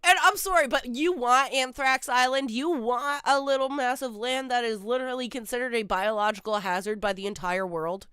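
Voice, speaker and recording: High, smooth-voiced woman streamer. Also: normal speed, few pauses, bright, forceful tone, no room sound, studio quality. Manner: blunt, profane, sarcastic. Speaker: streamer reacting to a video. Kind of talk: casual reaction commentary.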